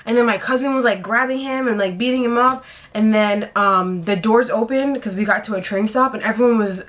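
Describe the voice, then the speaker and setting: A woman's voice: fairly high pitch, fairly bright tone. A young woman in her twenties telling a story to the camera in a casual, rambling way, full of "like" and freely swearing. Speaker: vlogger.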